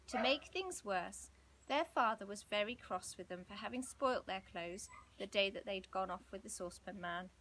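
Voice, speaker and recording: A woman reading a children's storybook aloud in an expressive, gently dramatic way. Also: medium pitch, normal speed, slight background noise, low-quality recording. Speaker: storybook reader.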